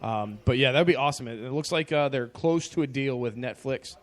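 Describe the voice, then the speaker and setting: A man's voice: mid-range voice, a little fast. A man chatting casually on a podcast, his talk rambling and full of ums and uhs. He sounds keen and upbeat about the topic, in a mid-range everyday voice. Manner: rambling, filler-heavy, enthusiastic. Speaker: podcast co-host. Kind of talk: casual chat.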